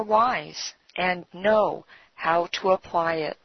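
A woman giving a solemn, measured scripted devotional reading. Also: fairly low pitch, slightly rough, no echo. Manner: slow, solemn, measured delivery. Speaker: devotional reader. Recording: dull, dry lo-fi recording.

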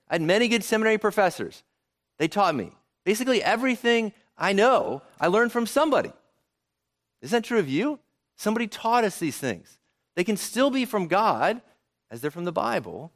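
A male pastor delivering a sermon in a conversational way, often tossing rhetorical questions to his listeners. His voice is fairly high for a man and swings widely in pitch as he explains. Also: fairly bright tone.

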